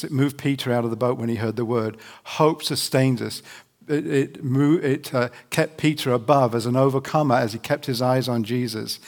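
A man preaching a sermon to camera in a conversational, earnest way, slowing down to read scripture. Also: medium pitch. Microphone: camera facing speaker.

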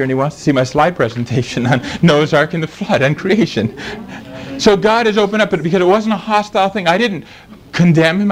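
A man's voice: high voice, low-quality recording. A man preaching a sermon, emphatic and fond of rhetorical questions.

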